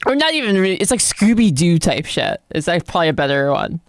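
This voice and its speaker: A woman's voice: lowish voice, very animated, a little fast, no room sound. A woman streaming a game, chatting casually and joking with viewers.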